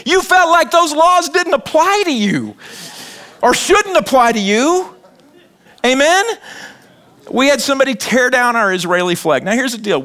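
A middle-aged man preaching a sermon in a conversational, animated way, joking and acting out little scenes. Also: very high-pitched. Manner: animated, conversational preaching with laughs and acted quotes. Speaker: pastor.

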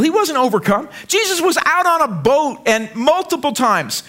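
An American man preaching from the pulpit in a high voice. He is energetic and jokey, and he often repeats himself and trips over his words as he goes. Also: normal speed. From United States. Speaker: pastor. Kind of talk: sermon.

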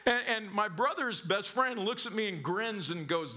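A man's voice: sits high, animated, normal speed, few pauses, sharp tone. A man from southern Missouri preaching a sermon in a conversational, storytelling way, with frequent stammered restarts. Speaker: pastor.

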